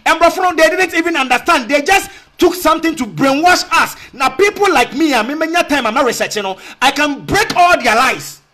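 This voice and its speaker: A man's voice: very high voice, expressive, fairly quick, few pauses, pushed and bright. A man with a Ghanaian accent giving a casual spoken rebuttal, repeating himself and asking rhetorical questions, mixing in Twi phrases. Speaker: online commentator.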